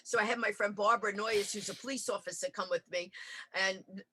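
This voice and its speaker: A woman with a bright, forceful tone and a slightly husky grain tells stories to an interviewer in a remote call. She is animated and quick to jump into other people's voices. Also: medium pitch. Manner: animated, acts out quoted voices. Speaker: interview guest, author. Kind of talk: lively anecdotal storytelling.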